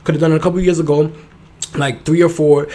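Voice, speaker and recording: A man's voice: on the high side, flat delivery, fast, mellow. A young man hosting a solo podcast, chatting casually in a sassy, profane, campy manner. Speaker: podcast host.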